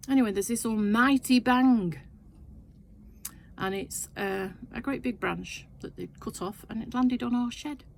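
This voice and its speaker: A woman's voice: on the high side, unhurried, gravelly, slight background noise. An older woman telling a rambling, chatty story in her sewing shed. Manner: chatty, rambling anecdote with asides. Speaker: sewing vlogger. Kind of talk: casual storytelling chat.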